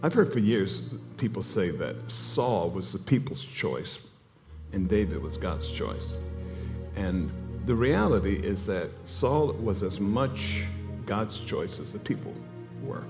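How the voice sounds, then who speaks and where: A man's voice: lowish voice, animated, takes it slowly. A man preaching a sermon, telling a story with energy and acting out the voices of the people in it. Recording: hall reverb with music behind. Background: music.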